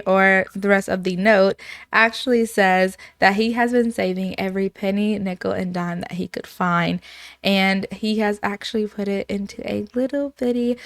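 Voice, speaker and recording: A woman giving casual let's play commentary, retelling scenes with lively acted quotes. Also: mid-range voice, gravelly, no room sound. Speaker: gameplay narrator.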